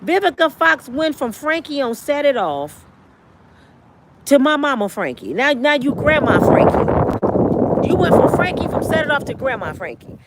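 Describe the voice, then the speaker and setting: A woman in her fifties giving blunt, animated and profane celebrity gossip commentary on her vlog. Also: sits high, moderate pace, background noise. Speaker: vlogger.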